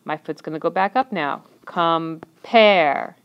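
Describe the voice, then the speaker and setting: A woman's voice: medium pitch, animated, measured pace, highs cut off. A woman teacher narrating an instructional lesson, patiently counting and clapping out syllables step by step.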